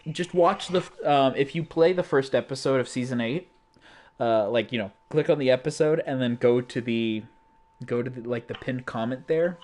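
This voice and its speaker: A man's voice: mid-range voice, normal speed, darkish tone. A man hosting a livestream, chatting casually and rambling with frequent restarts and laughs. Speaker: streamer host.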